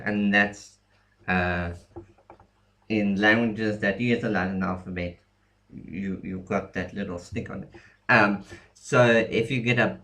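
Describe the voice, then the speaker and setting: A man's voice: on the low side, sharp tone. A young man explaining an alphabet in a casual lesson, hesitant, with many ums and restarts. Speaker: language teacher.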